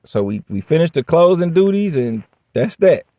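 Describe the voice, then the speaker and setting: A man's voice: on the high side, big pitch swings, moderate pace, dark tone, dry recording, studio quality. A man casually telling a workplace story straight to the camera, blunt and profane, acting out both sides of the dialogue. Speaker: vlogger.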